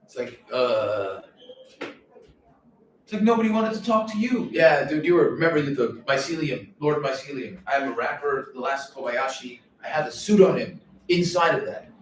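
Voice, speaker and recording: A man talking in a long, rambling monologue, animated and swearing freely, often slipping into quoted voices. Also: fairly high pitch, normal speed. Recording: very echoey room, mic at a distance, faint noise.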